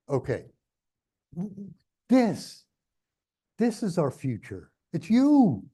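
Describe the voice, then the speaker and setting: A man's voice: a little high, big pitch swings, takes it slowly, long pauses, warm tone. An older man with a New York accent, telling blunt, rambling stories as a guest in an interview. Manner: blunt, rambling, jokey storytelling. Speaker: guest speaker. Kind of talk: conversational interview on stage.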